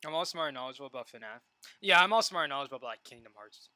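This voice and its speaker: A young adult man talking casually on a live stream while gaming, rambling and animated, full of "like" and stop-start restarts. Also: medium pitch, racing, no echo. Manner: rambling and animated, heavy use of "like" and repeated restarts.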